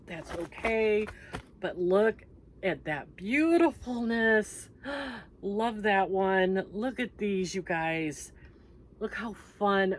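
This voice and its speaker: Gushing upbeat woman vlogger. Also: mid-range voice. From Canada. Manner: gushing and upbeat, chatty asides. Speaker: crochet channel host. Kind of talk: casual vlog chat.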